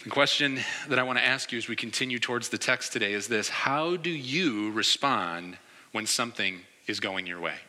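A man in his forties from New York preaching a sermon, telling a lively personal story and acting out the reactions he quotes. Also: medium pitch, moderate pace, in a large hall. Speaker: pastor.

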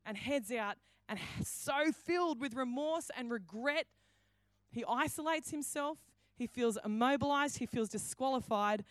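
A woman's voice: on the high side, no echo. A woman pastor preaching a sermon, telling the story with acted-out quotes and many restarts. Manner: storytelling, acts out quoted lines, frequent restarts.

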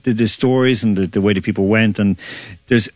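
A man's voice: on the low side, fairly even intonation, dry recording, soft background music. A man from Ireland, co-hosting a sports radio show in a rambling, laughing, casual way. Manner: rambling, laughs often, talks fast. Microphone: studio microphone.

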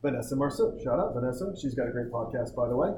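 A man's voice: mid-range voice, lively intonation, fast, warm tone, reverberant, a little hiss or hum, rough recording. A man hosting a podcast, telling rambling, jokey stories in casual group chat. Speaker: podcast host.

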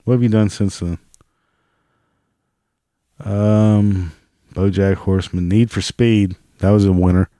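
A man's voice: lowish voice, steady tone, takes it slowly, long pauses, warm tone, dry recording, studio quality. A man giving casual, sarcastic and profane reaction commentary on a video he is watching.

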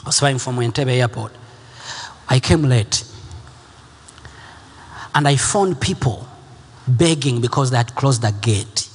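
A man preaching a sermon, emphatic and repetitive, rising at times to shouts. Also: medium pitch, unhurried, long pauses, slightly rough, big-room sound.

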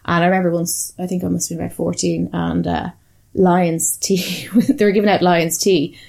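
Chatty Irish woman with a warm low voice. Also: level tone, normal speed, gravelly. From Ireland. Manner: chatty and profane, storytelling. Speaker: podcast co-host. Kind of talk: casual chat.

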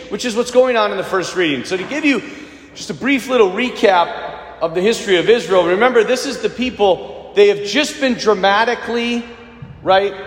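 A man preaching a sermon, animated and at times rising to emphatic near-shouts. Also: sits high. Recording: echoey church with long reverb.

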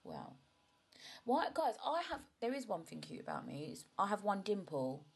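A woman's voice: mid-range voice, wildly swooping pitch, moderate pace, gravelly, slightly rough. A young woman, chatting frankly and emotionally to camera, with plenty of fillers and swearing. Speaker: vlogger, mother. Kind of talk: casual chat to camera.

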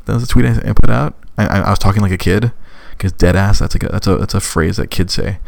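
A man's voice: on the low side, quick pace, vocal fry, slight background noise. A man in his early forties from Los Angeles, hosting a podcast in casual, rambling chat, laughing often and repeating words. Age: early 40s. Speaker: podcast host.

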